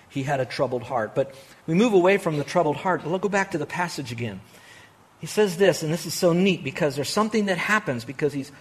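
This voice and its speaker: Middle-aged guy preaching, kinda high voice, gets loud then drops real quiet. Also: husky. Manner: emphatic preaching, swings from loud to hushed. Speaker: pastor. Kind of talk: sermon.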